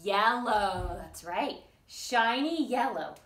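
Woman reading a kids' storybook, kinda high, slow and singsongy, echoey room, mic sits a bit away. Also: animated, a bit bright, far from the mic. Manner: slow, sing-song, coaxing children to join in. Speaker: library storytime reader. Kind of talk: reading a picture book aloud to young children.

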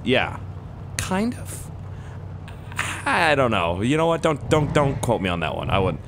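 A young man commentating his gameplay, rambling and swearing, with sudden yelling bursts and a voice hoarse from screaming. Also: medium pitch, sing-song, a little fast, slight background noise. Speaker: gaming YouTuber. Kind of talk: casual let's-play commentary.

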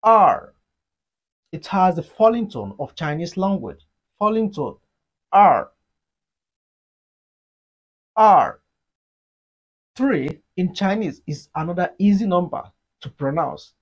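A Mandarin teacher giving an online lesson, explaining slowly and deliberately and leading repeat-after-me drills. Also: mid-range voice, big pitch swings, a little mellow, muffled recording. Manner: slow, deliberate explaining, modeling sounds for learners.

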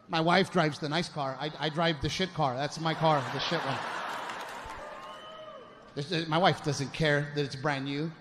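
Stand-up comic, male, high voice, loud exasperated rants on a noisy live show recording. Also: fairly even intonation, normal speed. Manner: loud, exasperated ranting with shouted bursts. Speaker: stand-up comedian.

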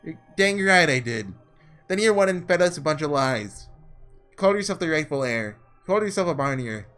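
A man's voice: a little high, animated, a little fast, a bit bright, smooth, faint music behind. A man voicing a scornful young man from the slums, speaking in a slangy, mocking drawl.

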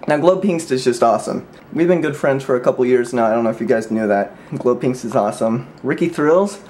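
A man's voice: medium pitch, quick pace, darkish tone, a little hiss or hum. A man talking casually to camera in a vlog, teasing his friends in a mock-mean way, full of "like" and "um", laughing at his own jokes. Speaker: vlogger.

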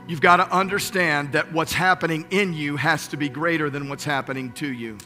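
A man preaches from a church stage, his voice high and very bright. He hammers his key phrases twice and keeps turning to the room with questions. Faint music sits underneath the service mic. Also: fairly even intonation, fairly quick. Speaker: lead pastor. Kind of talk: sermon. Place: church sanctuary.

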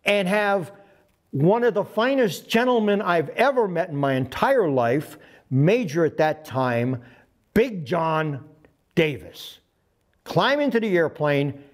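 Man, 70s, veteran interviewee; salty, animated storyteller who does voices and sound effects. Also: sits high. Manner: profane, acts out voices and sound effects in his stories.

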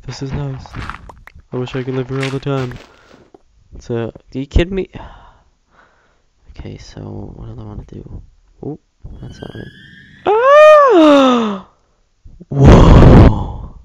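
A young man giving casual, chatty gameplay commentary as a Let's Play gamer, self-mocking and prone to excited outbursts. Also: medium pitch, moderate pace, vocal fry, pauses often, noisy background.

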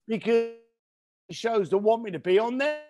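At normal speed and with an extremely high pitch, this middle-aged East London entrepreneur and author tells stories as a guest. The interview is casual, and he speaks in a blunt, emphatic way.

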